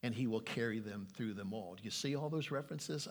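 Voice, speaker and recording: A man's voice: fairly low pitch, fairly quick. Older male pastor preaching earnestly. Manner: earnest, pleading, reads scripture aloud with emphasis. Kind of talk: sermon.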